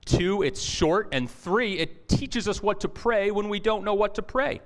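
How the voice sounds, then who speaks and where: A man giving a conversational sermon as a pastor, with fillers and restarts, and praying in a hushed, slow voice. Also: high-pitched.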